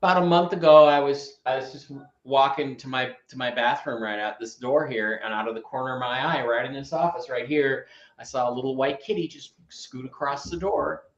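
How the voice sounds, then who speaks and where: A man hosting a casual talk show, expressive and quick to react. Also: mid-range voice. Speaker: host. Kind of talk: casual chat. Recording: roomy, dull lo-fi sound.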